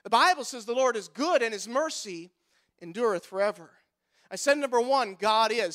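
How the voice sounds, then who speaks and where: High, bright-voiced preaching pastor. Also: male voice, animated, moderate pace. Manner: impassioned preaching with repeated refrains. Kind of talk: sermon.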